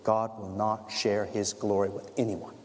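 A man preaching a sermon as a pastor, telling the story in an animated way and acting out the scenes. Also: fairly low pitch, unhurried. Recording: long hall reverb.

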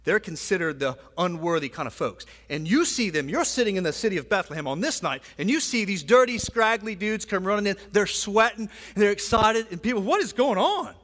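Male pastor, high voice, chatty sermon full of asides, long hall reverb in a church. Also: animated, brisk, few pauses, fairly bright tone. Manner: conversational, frequent asides and "right?" tags. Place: church sanctuary.

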